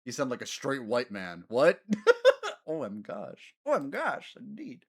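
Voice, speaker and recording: A man streaming a game, chatting casually with his viewers in a giggly, animated way. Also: medium pitch, measured pace, husky. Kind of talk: casual gaming stream chat.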